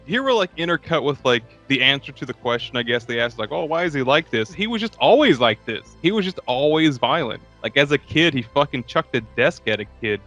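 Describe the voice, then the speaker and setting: A man's voice: medium pitch, lively intonation, a little fast, few pauses, a bit bright, faint music behind. A man co-hosting a movie podcast, joking and laid-back, swearing casually. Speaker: podcast co-host.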